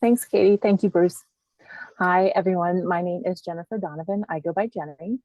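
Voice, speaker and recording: A woman who works as a senior policy analyst, introducing herself to a committee over a video call in a clear, upbeat and organized way. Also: lowish voice, steady tone, normal speed, no echo, dull audio. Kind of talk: introducing herself in an online meeting.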